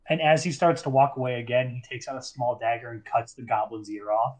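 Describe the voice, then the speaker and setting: A man running a tabletop game as game master, narrating scenes in an unhurried, descriptive way. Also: medium pitch, fairly even intonation, rough recording.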